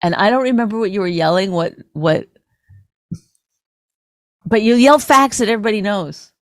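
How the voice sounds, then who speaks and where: A woman's voice: mid-range voice, animated, moderate pace, dry recording. Teasing woman in dry comedy banter. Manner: teasing, does mocking impressions of her husband. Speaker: podcast co-host.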